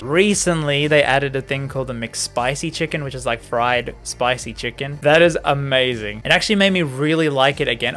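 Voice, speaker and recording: A man's voice: mid-range voice, a bit bright. An Australian man chatting casually in a vlog, rambling with frequent chuckles. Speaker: content creator.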